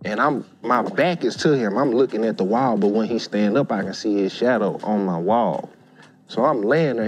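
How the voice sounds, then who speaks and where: A man's voice: lowish voice, moderate pace, faint music behind. A man, telling a story casually and acting out the voices of the people in it. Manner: animated, acts out quoted voices. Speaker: guest storyteller.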